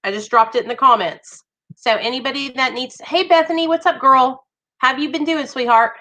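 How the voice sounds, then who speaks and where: A young woman chatting warmly with viewers on a livestream, greeting them by name. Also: high voice, normal speed, poor audio. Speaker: livestream host. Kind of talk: casual livestream chat.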